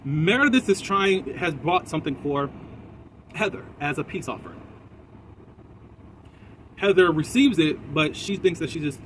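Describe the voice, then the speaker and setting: Man ranting through a show recap, fairly high voice, chatty and opinionated, sitting in a car. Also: expressive, measured pace, pauses often, fairly bright tone, a little hiss or hum. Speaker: reality TV recap host. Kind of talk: casual episode recap commentary.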